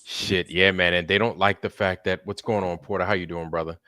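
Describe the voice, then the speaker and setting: A man's voice: low voice, steady tone, fairly quick, sharp tone, dry recording, clean studio sound. A man hosting a casual live-stream chat, emphatic and profane, often agreeing with his co-host.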